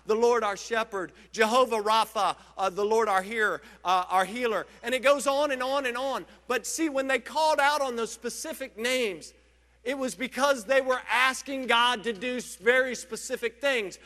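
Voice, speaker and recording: High-voiced man preaching in a reverberant hall. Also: sharp tone. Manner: emphatic preaching, drawn-out stresses. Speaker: pastor. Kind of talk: sermon.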